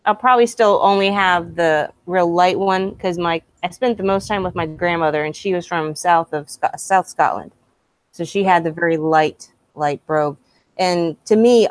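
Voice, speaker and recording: A woman's voice: fairly low pitch, no echo. Female co-host, chatty and sweary, easy laugher, dry close sound. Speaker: podcast co-host. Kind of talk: casual chat.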